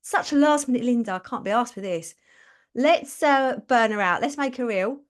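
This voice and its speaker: A woman's voice: on the high side, moderate pace, lightly acted. Grumpy, fed-up adrenal glands, as a woman puts them on, complaining in a slightly raised, exasperated voice. They sound like little characters who have had enough and grumble about the one pushing them.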